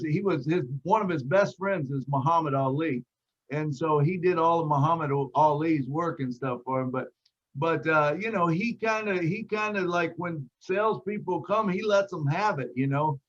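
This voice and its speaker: A man on a video call telling a lively sales story, acting out the voices of the people in it. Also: on the high side, lo-fi sound. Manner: animated storyteller who acts out quotes. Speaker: sales team member sharing a story.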